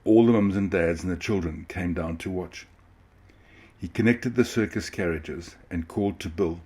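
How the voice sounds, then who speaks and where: Man, storyteller, children's book reading, gentle, expressive, low, husky. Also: normal speed. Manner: gentle, expressive, occasional restarts.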